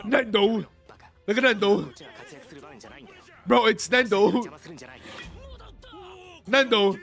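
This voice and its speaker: Young male reaction host, very high and bright, excitable, foul-mouthed, laughs often, faint music underneath. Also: very slow, pauses often. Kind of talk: casual reaction commentary.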